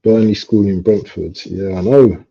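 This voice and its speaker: A man's voice: on the low side, unhurried, creaky, breathy edge. Slangy man, casual watchalong. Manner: slangy, excitable outbursts at chances. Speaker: football watchalong streamer. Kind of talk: casual live commentary chat. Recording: dull lo-fi stream audio.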